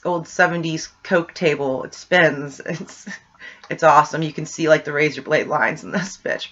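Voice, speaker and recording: A young woman casually telling a ghost story to the camera, animated, laughing often and swearing freely. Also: lowish voice, lo-fi sound. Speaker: vlogger.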